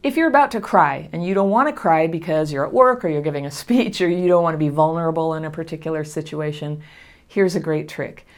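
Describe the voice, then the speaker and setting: A middle-aged woman calmly and reassuringly teaching about healing from trauma, laughing softly now and then. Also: deep voice, brisk. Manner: gentle, reassuring, laughs often. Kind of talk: casual spoken lesson to camera.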